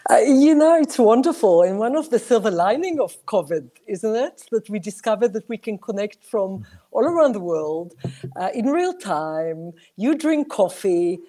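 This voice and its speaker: A woman with a mixed South African accent, a guest talking on a video call, expressive and searching for words. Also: mid-range voice, normal speed. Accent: South African mixed with other languages. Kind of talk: casual interview over video call.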